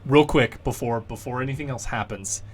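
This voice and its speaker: A man narrating as dungeon master in a relaxed, casual way, with plenty of fillers. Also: medium pitch, normal speed. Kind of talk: narrating a tabletop game.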